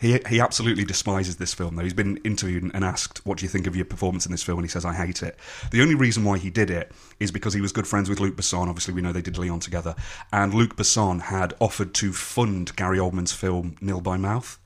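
A man chatting about films on a podcast, his voice sitting on the low side. He talks quickly and rambles with casual enthusiasm, dropping the odd swear word. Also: fairly even intonation. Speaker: podcast co-host. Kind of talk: casual film chat.

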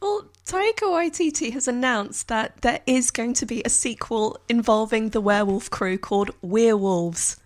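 A woman's voice: on the high side, moderate pace, hardly any pauses. A woman co-hosting a film review podcast, chatting wryly and laughing as she talks. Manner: wry, laughs while talking. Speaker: podcast co-host. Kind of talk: casual film review chat.

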